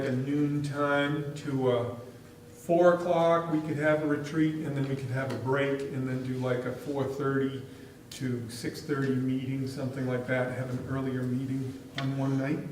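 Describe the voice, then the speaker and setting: Speaking as school superintendent at a board meeting, a man offers remarks and tells chatty, amused stories. His medium-pitched voice is a little mellow, picked up by a distant mic in an echoey room with slight background noise.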